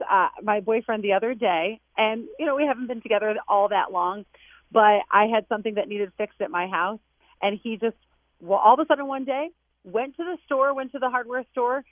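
A woman calling in to a radio show, telling a story with excitement and animation. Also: on the high side, moderate pace, no room sound. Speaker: caller. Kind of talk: phone-in chat. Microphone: telephone. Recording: tinny phone line.

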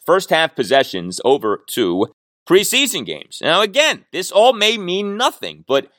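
Animated man hosting a sports podcast. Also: high-pitched, measured pace, no echo, clean studio sound. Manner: animated, talks to himself jokingly. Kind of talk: solo sports podcast commentary.

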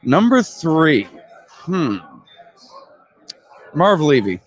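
A man's voice: fairly high pitch, sing-song, drawn-out words. A young adult man, a sports reporter and guest, chatting casually and thoughtfully, often repeating words as he starts. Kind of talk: casual chat.

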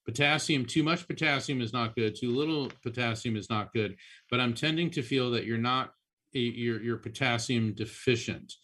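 Chatty man giving psychic readings, bright tone. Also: medium pitch, moderate pace. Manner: animated, repeats names, laughs often. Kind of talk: radio call-in readings, chatty.

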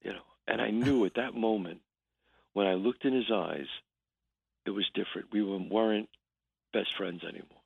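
A man, an actor guest, telling a story in a radio interview over the phone, halting and restarting as he acts out the quotes. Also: lowish voice, vocal fry, slightly rough. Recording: tinny phone line.

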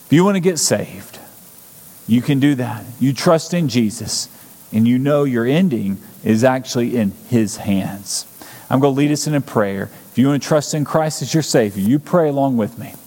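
A man's voice: mid-range voice, animated, moderate pace, a little mellow. Earnest preacher man in a reverberant hall. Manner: earnest, urgent preaching with repeated phrases. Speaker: pastor. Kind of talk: sermon.

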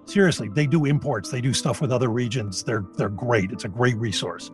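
A man's voice: mid-range voice, soft background music. A man, co-hosting a podcast in casual chat, chatty with easy laughs. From Philadelphia. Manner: chatty, laughs easily, halting restarts. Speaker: podcast co-host.

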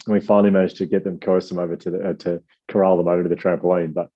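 A man telling a rambling, self-deprecating story as an author guest, quoting people in lively voices. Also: sits low, racing, husky, muffled recording. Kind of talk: casual storytelling.

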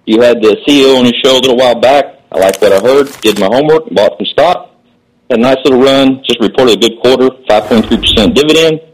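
A man calling in to a stock show, relaxed and friendly. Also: mid-range voice, fast talker, rough recording. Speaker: caller.

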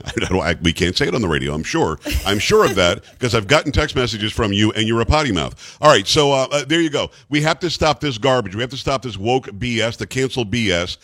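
A man's voice: mid-range voice, animated, brisk, hardly any pauses, fairly bright tone, no room sound. Blunt, emphatic male radio host. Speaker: radio talk show host. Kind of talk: opinionated talk radio. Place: radio studio.

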